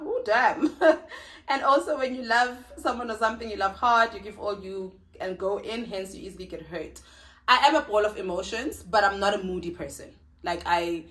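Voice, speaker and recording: A woman's voice: mid-range voice, fairly bright tone. A young South African woman with a South African accent, chatting casually and emotionally to camera as a vlogger, laughing often. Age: young adult.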